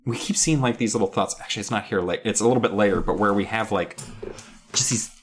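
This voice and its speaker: A man's voice: fairly low pitch, fast. A man co-hosting a podcast, casually recapping a book in a rambling way, full of 'like'. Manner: rambling, heavy use of 'like'. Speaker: podcast co-host.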